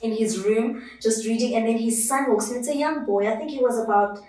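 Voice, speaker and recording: A woman's voice: a little high, a little fast, darkish tone. Chatty woman host, echoey. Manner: chatty, restarts often, many fillers. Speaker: podcast host. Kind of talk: casual storytelling chat. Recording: roomy room, distant mic.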